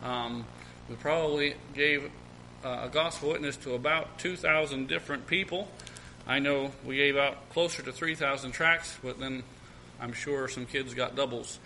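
A man preaching a sermon as pastor, with many fillers and restarts, then reading scripture aloud in a raised, slow cadence. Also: mid-range voice, fairly even intonation, bright, forceful tone, a little hiss or hum, poor audio.

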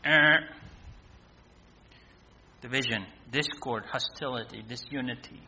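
A man's voice: fairly high pitch, unhurried, pushed and bright, dull audio. A man preaching a sermon, emphatic, repeating key words and firing off rhetorical questions.

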